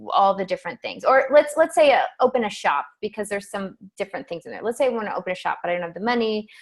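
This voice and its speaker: A woman's voice: medium pitch, animated, fast talker. A woman hosting a conversational interview, feeling her way through questions, restarting phrases and adding "right?" to check in. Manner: searching, restarts phrases, adds "right?" often. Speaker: host.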